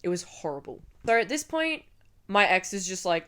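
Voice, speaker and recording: A young woman in her twenties from Australia telling a storytime vlog, ranting and swearing with animated energy. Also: on the low side, a little fast. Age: 20s. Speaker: vlogger.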